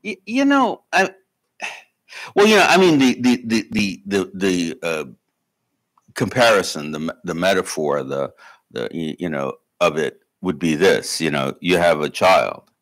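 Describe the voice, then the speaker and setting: Halting, low-voiced male author on stage. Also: animated, fairly bright tone. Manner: halting, many restarts, laughing while telling stories. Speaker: author guest. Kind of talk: live onstage conversation, storytelling. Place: library stage before an audience.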